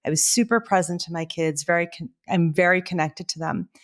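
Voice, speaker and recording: A woman in her fifties hosting a podcast, speaking in a reflective, measured way. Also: fairly low pitch, fairly even intonation. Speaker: podcast host, doctor. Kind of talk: conversational interview.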